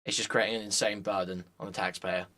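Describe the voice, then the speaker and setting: Bright-voiced young man streaming, swearing bluntly. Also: fairly low pitch, flat delivery, fast talker. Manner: blunt, swears freely, rambles to chat. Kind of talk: casual live-stream commentary.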